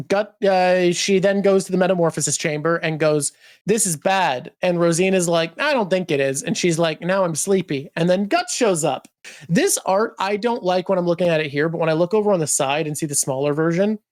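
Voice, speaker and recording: A woman's voice: on the low side, a little mellow. A woman hosting a casual discussion, talking in a thoughtful, analytical way. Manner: thoughtful, analytical, breaks into playful voices. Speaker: host. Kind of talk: casual chat, comics discussion.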